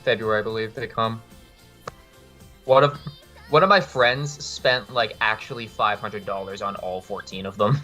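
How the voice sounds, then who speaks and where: Man, podcast guest, casual chat, low pitch, bright tone, blunt, swears a lot. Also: steady tone, moderate pace, faint music behind. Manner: blunt, swears freely, laughs often.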